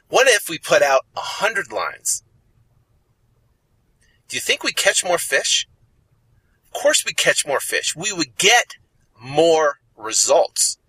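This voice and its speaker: A man's voice: mid-range voice, pushed and bright, husky, no echo, poor audio. A man hosting a motivational podcast, talking emphatically and repeating phrases for effect. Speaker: podcast host.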